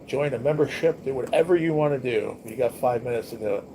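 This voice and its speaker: A man's voice: mid-range voice, fast talker. A man hosting a casual livestream, chatting bluntly to viewers with lots of swearing and slang. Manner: blunt, profane, rambling talk to viewers. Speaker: livestream host. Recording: noticeable background noise.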